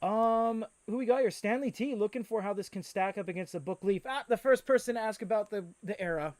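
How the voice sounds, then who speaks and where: Chatty man with a high voice. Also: fairly quick, no room sound. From Canada. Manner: chatty, reads viewer comments aloud, excitable. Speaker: livestream host. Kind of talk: casual live-stream chat.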